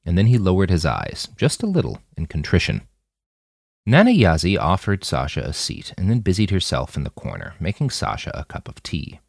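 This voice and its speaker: A man narrating an audiobook in an even storytelling manner. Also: normal speed, creaky, no room sound, studio quality. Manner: deep, even storytelling with wide pitch swings.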